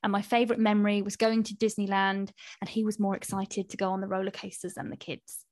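A woman podcast co-host reads listener messages in a gentle, measured voice of middling pitch. She adds short, kind asides between them. The sound is close and dry. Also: flat delivery, dry recording. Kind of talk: reading listener messages aloud.

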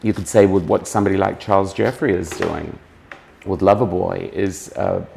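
A man's voice: low-pitched, steady tone, moderate pace, creaky, a little mellow, a little hiss or hum. A man speaking as a fashion critic in a conversational interview, musing and often circling back to rephrase his points.

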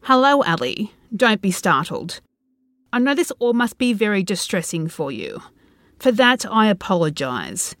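A woman voicing a calm, coaxing body-stealing entity. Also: measured pace, dry recording. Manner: soothing, coaxing, sinking to a low hush.

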